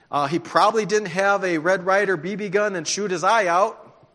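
A man preaching a sermon, telling stories in an animated, conversational way. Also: high-pitched. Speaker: pastor. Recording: long hall reverb.

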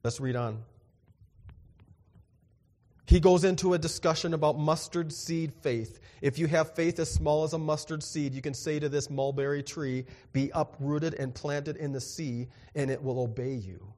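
A man preaching with a voice that sits a little high for a man. He jokes with his listeners and acts out little exchanges, his voice leaping up and dropping low as he plays each part. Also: normal speed, in a large hall. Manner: animated and joking, acts out dialogue with big pitch swings. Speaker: pastor. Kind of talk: sermon.

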